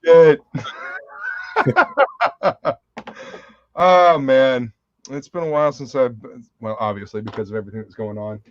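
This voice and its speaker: A man's voice: mid-range voice, unhurried, long pauses. A man hosting a casual live chat, telling rambling, profane stories and laughing often. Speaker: host. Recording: dull, dry lo-fi sound.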